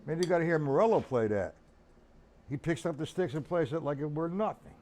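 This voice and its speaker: A man's voice: fairly high pitch, fairly quick, darkish tone, slight background noise. An older man teaching a live-streamed drum lesson, chatty and instructive, calling on viewers by name, with drumming behind him.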